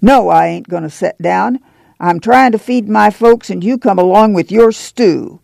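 Brief: male narrator as a bristling, proud mother, cold and clipped, gravelly, dry. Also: high voice, measured pace, dry recording, voice pushed up, exaggerated voice. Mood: cold angry. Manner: cold, sharp rural speech. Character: proud, angry poor mother.

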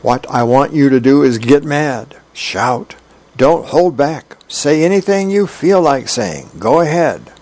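Bossy know-it-all girl, lecturing, close to the reader's own gravelly voice, played by a man. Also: mid-range voice, steady tone, measured pace, hardly any pauses, darkish tone, lightly acted. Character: Lucy, bossy little girl.

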